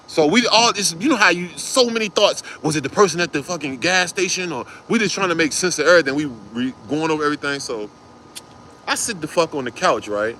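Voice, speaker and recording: A man's voice: fairly high pitch, pushed and bright, a little hiss or hum. A man telling a wild personal story in casual street slang, cursing freely and acting out other people's voices.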